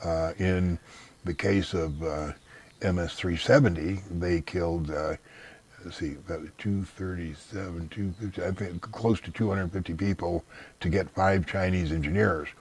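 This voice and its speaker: Deep husky man, blunt and rambling. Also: fairly even intonation, measured pace, darkish tone. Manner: blunt, dismissive, long rambling explanations. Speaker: interview guest. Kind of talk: casual conversational interview.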